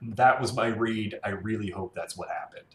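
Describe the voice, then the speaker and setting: Talking comics as a podcast co-host, this man has a fairly low pitch and moderate pace, sounding relaxed and enthusiastic with easygoing fillers. His recording carries an echoey room sound and faint noise.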